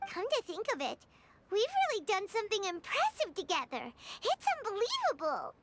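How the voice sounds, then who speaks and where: A woman's voice: very high voice, wildly swooping pitch, normal speed, noisy background, exaggerated voice. A woman voicing a tiny, cheerful female fairy guide in a video game, bubbly and eager.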